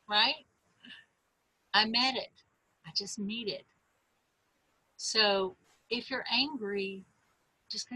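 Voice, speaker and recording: A woman in her fifties, a life coach giving a webinar, earnest and gentle, speaking straight to her listeners. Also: mid-range voice, takes it slowly, pauses often, slightly rough, no echo, poor audio.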